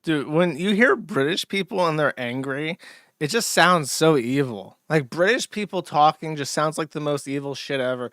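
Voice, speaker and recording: A man's voice: a little high, lively intonation, normal speed, fairly bright tone, dry recording, studio quality. A man hosting a show, giving sarcastic, mocking casual commentary while reacting to a video. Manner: sarcastic, mocking, laughs often. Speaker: streamer host.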